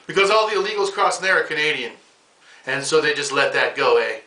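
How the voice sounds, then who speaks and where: With lively intonation and a fast, bright, forceful delivery on the high side, a male comedy host from the United States rambles through a casual monologue. He rants in slang, addressing the listener as "bro," recorded from a distance in an echoey room.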